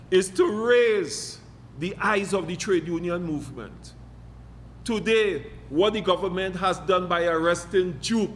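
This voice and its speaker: A trade union leader from Trinidad and Tobago giving a press conference speech, firing off rhetorical questions and repeating them for emphasis. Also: male voice, sits high, fairly bright tone, slight background noise. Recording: long hall reverb, faint ambience.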